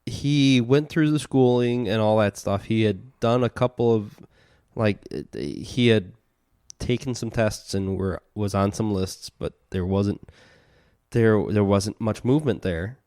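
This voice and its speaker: A man's voice: lowish voice, a little slow, darkish tone, clear, resonant tone, no echo, studio quality. A tipsy man co-hosting a podcast, telling work stories in crude, joking banter. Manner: joking, swearing storyteller. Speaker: podcast co-host. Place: basement.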